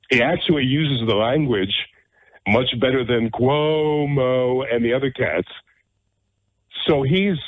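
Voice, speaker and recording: A man hosts a talk radio show and delivers his opinions in a blunt, forceful monologue. He keeps repeating phrases to drive each point home. His voice comes through a narrow, phone-like band with dry, close sound. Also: medium pitch, husky, no echo.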